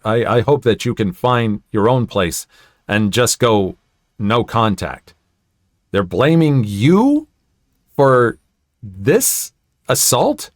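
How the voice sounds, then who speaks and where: A man reading online stories aloud in an expressive way, adding sympathetic comments of his own. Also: mid-range voice, takes it slowly, long pauses, no room sound, studio quality. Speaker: story narrator.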